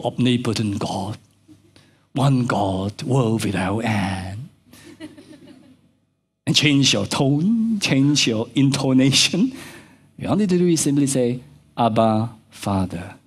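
A middle-aged man preaching a sermon as pastor, swinging between soft low asides and high emphatic peaks. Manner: animated preaching, pitch jumping from low to high. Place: church.

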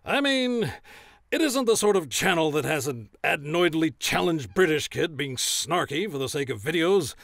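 Guy doing a gravelly foul-mouthed announcer, kinda high, swings all over, dry sound. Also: expressive, moderate pace, a bit bright, no echo, heavily acted. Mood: ranting. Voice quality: gravelly, profane, blustering. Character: gruff hard-drinking male arena announcer, profane and cocky. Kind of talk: comedy sketch of a commercial recording.

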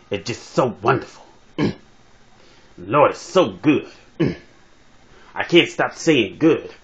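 A man voicing a slow, greedy male preacher who hums between drawn-out phrases. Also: medium pitch, vocal fry, bright, forceful tone, exaggerated voice. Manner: drawn-out preaching broken by humming "mm". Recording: dull lo-fi phone recording.

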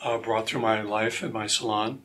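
A man sharing his personal testimony as a talk show guest, animated and acting out the voices of the people in his stories. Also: on the low side, normal speed. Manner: animated, acts out quoted voices. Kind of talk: storytelling testimony.

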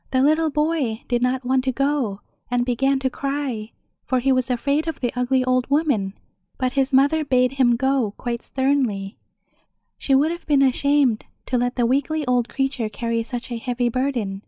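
A woman reads a fairy tale aloud as a bedtime story, calm and measured. Her voice is high but dark and mellow, recorded close and dry. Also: dry recording.

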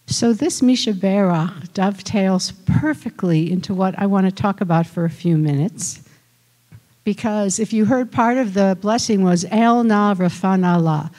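A woman's voice: medium pitch, unhurried, warm tone. Chatty woman rabbi leading Torah study. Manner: conversational and coaxing, inviting the group to join in. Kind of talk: informal Torah teaching during a service.

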